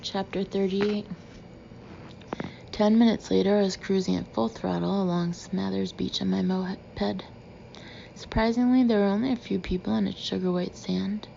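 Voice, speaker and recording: A woman narrating a first-person audiobook in a steady, measured way. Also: mid-range voice, vocal fry. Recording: slightly dull with faint hiss.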